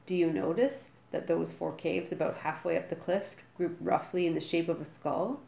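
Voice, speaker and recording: A woman's voice: lowish voice, fairly even intonation, moderate pace, vocal fry, mellow, echoey room. A woman voicing a giant one-eyed Viking man who screams his orders at a group of boys. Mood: commanding.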